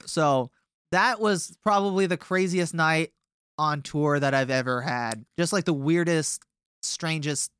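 A man's voice: on the high side, a little slow, fairly bright tone, clear, resonant tone, no room sound, studio quality. A young man from a touring band telling a long tour story in a casual, rambling way with many fillers.

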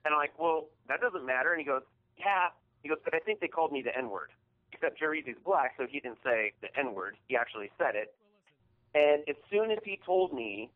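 A man co-hosting a podcast, telling a heated, profane story in casual chat. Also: mid-range voice. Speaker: podcast co-host. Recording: tinny phone-like audio.

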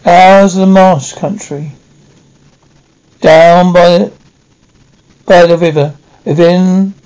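A man reading a classic novel aloud, halting now and then to restart a word. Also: high-pitched, steady tone, a little mellow, clear, resonant tone, low-quality recording. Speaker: audiobook reader.

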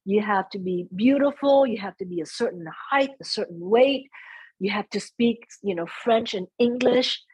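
A soft-spoken woman being interviewed, chatting casually and mixing in Vietnamese phrases. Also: mid-range voice, normal speed, slightly rough, no room sound, poor audio. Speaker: interview guest. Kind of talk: casual conversation.

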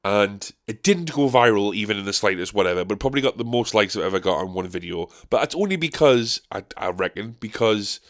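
A man's voice: fairly low pitch, animated, fairly quick, few pauses. A man hosting a solo podcast, rambling casually, swearing and making fun of himself. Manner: rambling, profane, self-mocking. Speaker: podcast host. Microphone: podcast microphone.

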